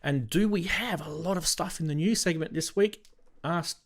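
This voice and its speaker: A man's voice: fairly high pitch, normal speed. Chatty male podcast host. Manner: upbeat, chatty, hands turns to guests. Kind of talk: casual chat.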